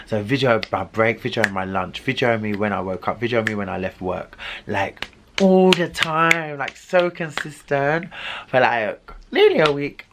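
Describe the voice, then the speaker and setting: Young male vlogger, mid-pitch, lively storyteller who acts out the dialogue. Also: slight background noise. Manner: animated, dramatic retelling with quoted dialogue. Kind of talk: storytime vlog.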